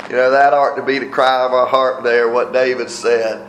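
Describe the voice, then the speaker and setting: A man's voice: mid-range voice, little pitch movement, moderate pace, a bit bright. A man preaching a sermon in a conversational teaching manner, often checking in with his listeners. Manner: conversational teaching, tag questions. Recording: roomy echo with faint music.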